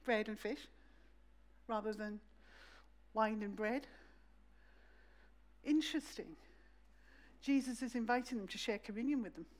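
A woman preaching a sermon in a church, telling the story in a lively way and acting out the voices. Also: a little high, unhurried, long pauses.

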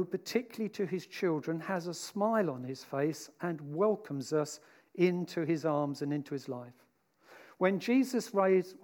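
A man giving a sermon in a relaxed, conversational way. His voice sits a little high for a man, and he often slips into the voices of the people in his story. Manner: conversational and animated, voicing the disciples. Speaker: preacher.

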